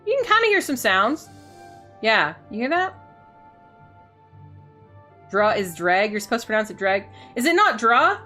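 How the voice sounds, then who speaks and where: Bright, playful woman streamer. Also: on the high side, sing-song, measured pace, pauses often, faint music behind. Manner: playful, silly, chats to viewers, giggles. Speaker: game streamer. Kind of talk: casual gaming stream chat.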